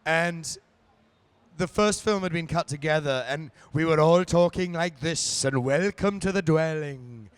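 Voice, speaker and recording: Man, guest actor, live stage interview, anecdotal, smooth voice. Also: a little high, measured pace, no room sound. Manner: chatty anecdotal storyteller, putting on silly voices.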